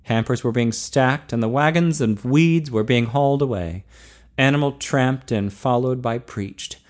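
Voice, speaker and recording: A man narrating an audiobook in a steady, measured way. His voice sits at an ordinary middle pitch, and he reads clearly and evenly.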